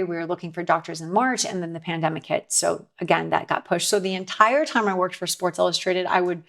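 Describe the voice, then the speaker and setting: A woman's voice: fairly low pitch, a bit bright. A woman guest in a conversation, telling her personal story in an earnest, emotional way, often restarting her sentences. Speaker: podcast guest.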